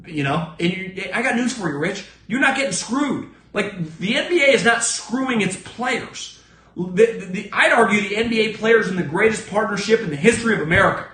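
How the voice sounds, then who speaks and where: A man's voice: expressive, a little fast, pushed and bright, reverberant. A man hosting a sports podcast alone, giving blunt, profane, emphatic opinions. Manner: acts out other people's lines in a lower voice. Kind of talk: solo opinion rant.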